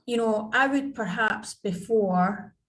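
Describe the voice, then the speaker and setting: A parenting coach appearing as a podcast guest tells parenting stories on a video call, chatty and anecdotal, acting out family dialogue in a conversational interview. Her voice is mid-range, slow, and fairly bright.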